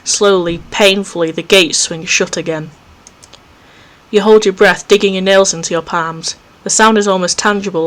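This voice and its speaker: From a home recording setup, a man hosts a let's play, reading a visual novel aloud with a high-pitched, slightly bright voice. He keeps cutting in with jumpy, self-mocking asides.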